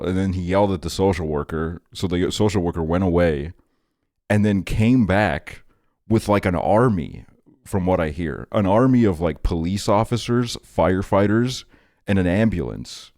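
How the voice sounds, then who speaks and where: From a home streaming setup, a young man with a very low, slightly mellow voice tells a casual personal story at a normal speed. He rambles with lots of fillers and chuckles at his own tale. The sound is close and dry, with no room sound.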